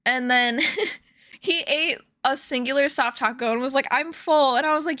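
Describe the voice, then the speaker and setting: A young woman with a bright, slightly high voice talks casually to her stream viewers from home. She rambles through a story, full of "like" and "um". The sound is close and dry, with no room echo. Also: moderate pace. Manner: chatty, rambling storytelling with many fillers and laughs.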